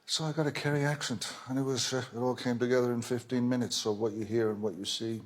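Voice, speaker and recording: A man from Ireland, an actor, telling an animated story in an interview. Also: mid-range voice, quick pace. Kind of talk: casual interview answer.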